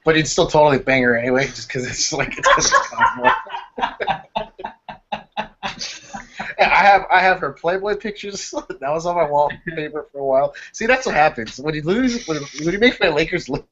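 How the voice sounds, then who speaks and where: A man's voice: fairly high pitch, lively intonation, normal speed, fairly bright tone, dull audio, a little hiss or hum. A man in casual sports chat, talking loosely with fillers and laughs. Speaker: sports podcast panelist.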